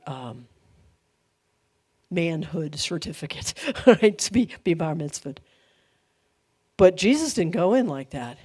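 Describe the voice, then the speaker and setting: A middle-aged woman pastor teaching a Bible study, animated, laughing often and acting out quoted lines. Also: lowish voice.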